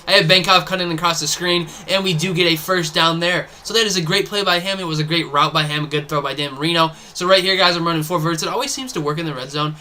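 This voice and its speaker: Bright-toned, fast-talking young man gamer. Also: a little high. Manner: rambling, thinks aloud with fillers. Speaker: gaming YouTuber. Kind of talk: casual gameplay commentary.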